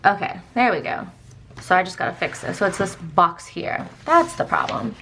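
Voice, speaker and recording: A woman's voice: fairly low pitch, moderate pace, bright, forceful tone, slight background noise. A woman vlogger with a Southern American accent, telling a long story in casual, chatty talk full of fillers, acting out what others said. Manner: chatty, many fillers, quotes others in dialogue. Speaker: planner vlogger. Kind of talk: casual storytelling while planning.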